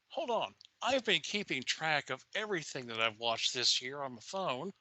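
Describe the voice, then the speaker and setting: A man's voice: a little high, sing-song, moderate pace, hardly any pauses, pushed and bright, no echo, poor audio. An older man with a Southern US accent, chatting enthusiastically and rambling as a podcast co-host. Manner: enthusiastic, rambling, swears casually. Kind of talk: casual chat.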